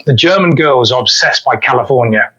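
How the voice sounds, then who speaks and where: A man's voice: mid-range voice, expressive, fairly quick, pushed and bright, husky, dull audio. A middle-aged man, a fitness coach guesting on a podcast, telling easygoing anecdotes. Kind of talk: casual interview storytelling.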